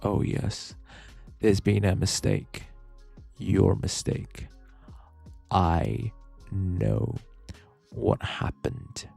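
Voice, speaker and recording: A man's voice: low-pitched, sing-song, very slow, vocal fry, long pauses, a little mellow, husky, soft background music, heavily acted. A man voicing a vindictive, menacing school principal in a scary little whispered growl, a whispered role-play.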